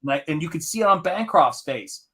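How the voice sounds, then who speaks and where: A man's voice: on the high side, lively intonation, brisk, fairly bright tone. A middle-aged man hosting a live art stream, chatting casually and enthusiastically with his viewers while he paints. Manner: enthusiastic, rambling, talks to the chat.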